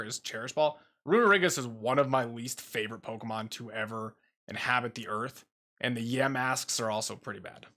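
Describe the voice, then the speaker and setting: Bright-voiced young man, casual ranking chatter. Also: mid-range voice. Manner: rambling, opinionated, filler-heavy. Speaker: YouTube host ranking creatures. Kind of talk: casual tier list commentary.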